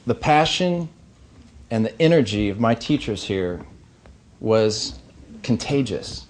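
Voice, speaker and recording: In a banquet hall, a Missouri man in his thirties delivers the keynote at an awards banquet. His voice is lowish and a little mellow, with slight background noise, and his earnest speech mixes anecdotes with light humor.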